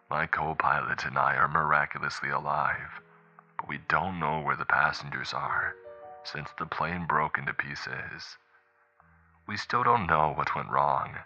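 Stranded captain, deep low voice, subdued log entries by a male narrator, soft music under. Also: highs cut off, heavily acted. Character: frightened male airline captain, recorded log.

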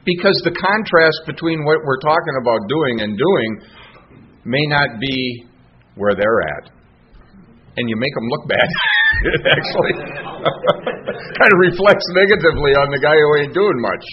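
A man's voice: a little high, wildly swooping pitch, normal speed. Plainspoken man leading a recovery workshop. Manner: earnest, plainspoken storytelling. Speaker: workshop leader. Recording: muffled recording with faint hiss.

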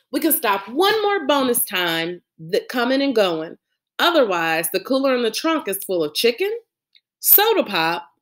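A woman's voice: on the high side, fairly bright tone, voice pushed up. A woman reading an audiobook, voicing a mother who reads out a careful family trip plan in an orderly way. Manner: methodical, orderly.

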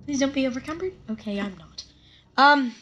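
A woman's voice: high voice, expressive, fairly quick, lo-fi sound. A woman hosting a gaming channel, chattering to herself during gameplay commentary, jittery, panicky and playful. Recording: game gunfire loud under voice. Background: game gunfire and ambience.

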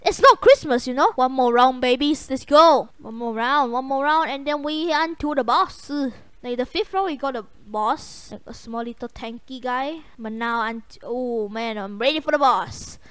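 A young woman hosting a gaming channel, giving casual, excitable gameplay commentary with a voice going hoarse. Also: high voice, moderate pace, hardly any pauses. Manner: excitable, yelps and trash-talks the game.

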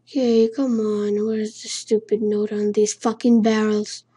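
A woman, not a native English speaker, commenting on a horror game she is playing, jittery and swearing a lot, humming nonsense to stay calm. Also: mid-range voice, measured pace, husky. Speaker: let's play gamer.

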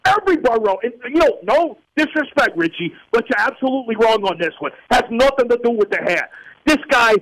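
A radio host playing a ranting, crude Yankees fan caller in a comedy sports radio bit. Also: male voice, extremely high pitch, sing-song, fairly quick, a bit bright, exaggerated voice, rough recording. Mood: furious. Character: furious loudmouth male New York Yankees fan caller.

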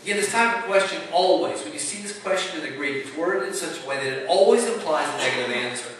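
A man's voice: on the high side, animated, fast, fairly bright tone, slight background noise. A man preaching a sermon in an emphatic, conversational way, asking rhetorical questions. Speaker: pastor. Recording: echoey hall, mic at a distance.

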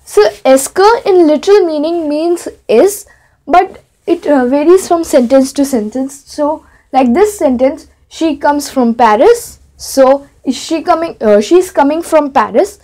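Woman, French teacher, high voice, step-by-step explanations, frequent "so". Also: dark tone. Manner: explains step by step, starts many sentences with "so", some fillers. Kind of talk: online language lesson.

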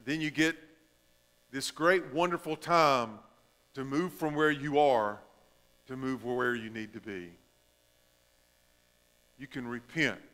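A male pastor preaching a sermon, shifting between emphatic stretches and hushed, drawn-out phrases. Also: mid-range voice, long reverb tail.

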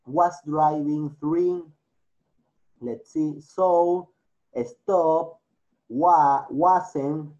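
A man with a fairly high, warm voice teaches grammar to his class, coaxing them along, repeating answers and slipping into Spanish. He has a Latin American Spanish accent and speaks English as a second language, and the recording is dull and lo-fi.

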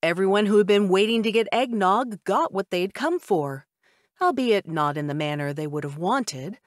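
A woman's voice: medium pitch, animated, normal speed, dry recording, clean studio sound. A woman narrating a first-person audiobook in a wry, conversational way.

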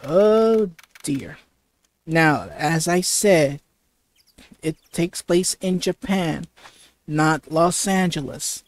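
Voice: mid-range voice, steady tone, slow pace. A let's play host giving casual gaming commentary, rambling with heavy stutters and fillers.

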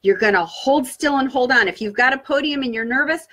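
A woman giving an upbeat live-streamed training talk on public speaking, coaching her viewers with lively inflection. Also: medium pitch, moderate pace. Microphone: webcam or laptop mic for a live stream.

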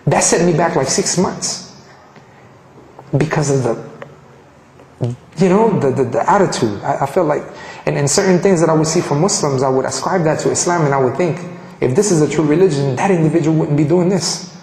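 A man from Colombia telling his personal story in an animated way, often restarting his sentences. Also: a little high, moderate pace, long pauses, a little hiss or hum. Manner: animated, frequent restarts and fillers. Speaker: convert giving a testimony. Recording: echoey hall with long reverb.

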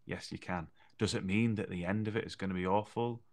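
A man's voice: sits low, fairly even intonation, fairly quick, a little mellow. A man co-hosting a podcast, talking earnestly and repeating phrases for emphasis. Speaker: podcast co-host. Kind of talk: casual conversational chat.

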